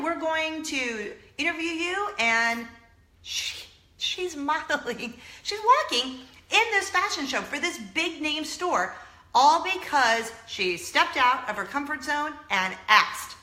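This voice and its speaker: Woman host in her thirties, heartfelt casual vlog storyteller, bright tone, roomy echo. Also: sits high. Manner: emotional, earnest, near tears at times.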